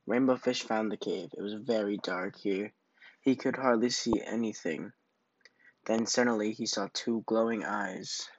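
A man reading a children's picture book aloud as storyteller, in a slow, gentle manner. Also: fairly low pitch, steady tone, no room sound, lo-fi sound.

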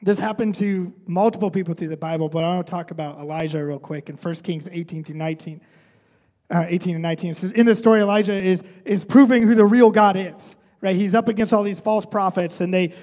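Pastor guy, pretty high voice, chatty sermon, lots of "right?", big echoey church hall. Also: brisk, darkish tone. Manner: conversational, often adds "right?".

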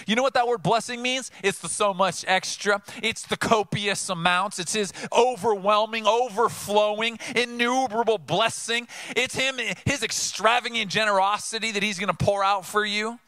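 Bright, high-voiced preacher man. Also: normal speed, dry recording. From Southern California. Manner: energetic, conversational preaching with rhetorical questions. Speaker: pastor. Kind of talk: sermon.

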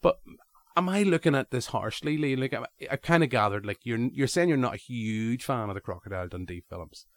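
A man's voice: mid-range voice, expressive, a little fast, few pauses, dry recording. A man hosting a podcast, chatting casually and animatedly, with frequent restarts. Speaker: podcast host.

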